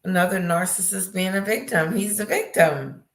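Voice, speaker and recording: A woman's voice: lowish voice, moderate pace. A woman hosting a casual livestream, reading viewer comments aloud, greeting chatters by name and reacting to them. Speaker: livestream host reading chat. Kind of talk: casual live chat commentary. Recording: echoey room.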